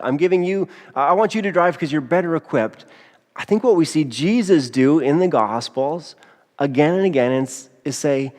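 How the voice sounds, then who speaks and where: A male pastor delivering a sermon in a relaxed, conversational way, often checking in with the room with quick rhetorical asides. His voice sits a little high for a man, and it rings out with the long reverb of a church sanctuary.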